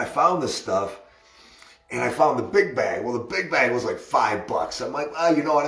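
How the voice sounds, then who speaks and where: A man's voice: on the low side, fairly bright tone, echoey room. A middle-aged man casually telling a rambling, self-mocking personal story, laughing often.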